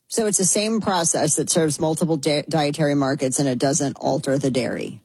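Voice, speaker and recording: A woman's voice: sits low, normal speed, few pauses, a little mellow, husky, dry recording, low-quality recording. A woman hosting a talk show in a chatty, sarcastic way, often slipping into mocking voices. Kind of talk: casual commentary.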